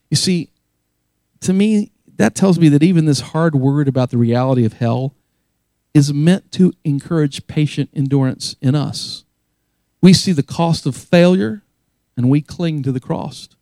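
A man's voice: fairly high pitch, a little slow, warm tone, no echo. A man preaching a sermon as pastor, earnest and emphatic, often repeating key phrases for weight.

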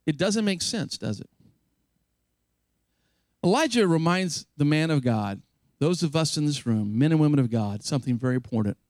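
A man with a high, light voice preaches a sermon, retelling scripture with dramatic flair. The sound is dry and close, with no room echo. He shifts his delivery to act out the story. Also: expressive, normal speed, long pauses, darkish tone. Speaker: pastor.

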